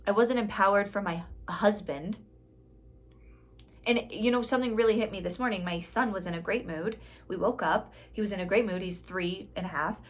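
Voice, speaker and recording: A woman in her thirties, a spiritual life coach, talking straight to her viewers in a casual motivational vlog, emphatic and dramatic and often laughing at herself. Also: mid-range voice.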